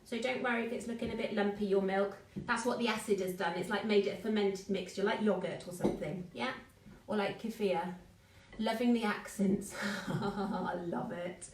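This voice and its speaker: A woman's voice: medium pitch, steady tone, normal speed, recorded from a distance. A woman teaching children a live online baking class, chatting and encouraging, greeting viewers by name. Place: home kitchen. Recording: echoey kitchen, away from the mic.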